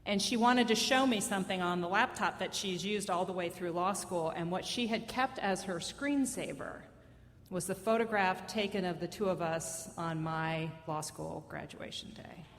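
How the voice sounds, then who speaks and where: A woman's voice: fairly low pitch, normal speed, big-room sound. A woman in her fifties telling a personal story live on stage, conversational, wry and self-mocking.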